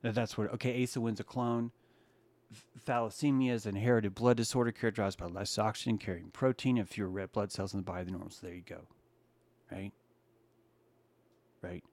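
A man hosting a casual livestream talk show, swinging between loud, mocking rants and low, muttered asides while greeting chat viewers by name. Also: fairly even intonation, a little fast, long pauses. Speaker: livestream podcast host.

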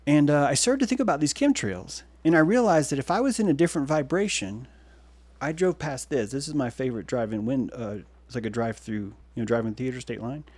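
A male livestream host rambles through a loose monologue. He shifts from loud, excited bursts to hushed, half-whispered asides. His mid-pitched voice sits close and dry, with no room sound around it. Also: brisk, no room sound.

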